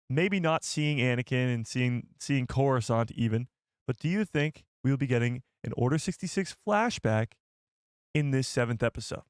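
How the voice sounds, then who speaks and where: A man's voice: medium pitch, no room sound, studio quality. Chatty man hosting a live stream. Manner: chatty, reads viewer comments aloud, laughs at himself. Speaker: livestream host. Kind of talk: casual live chat.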